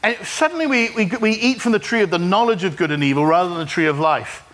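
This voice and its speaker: A middle-aged man preaches to his congregation in a high, bright voice. He is animated and humorous and pulls the room into call-and-response. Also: quick pace. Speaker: pastor. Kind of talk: sermon. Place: church service.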